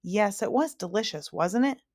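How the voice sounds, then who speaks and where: A woman's voice: mid-range voice, animated, moderate pace, a little mellow, dry recording, studio quality, voice pushed up, close to an everyday voice. A woman reading aloud and voicing a pleased, pedantic male dodecahedron, a many-faced storybook creature.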